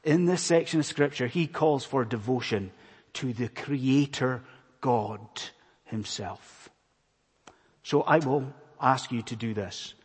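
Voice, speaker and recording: A Scottish man preaching a sermon in church, earnest, questioning his listeners, swinging between loud emphatic phrases and hushed ones. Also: mid-range voice, unhurried, husky. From Scotland. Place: church in a large hall. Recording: long hall reverb.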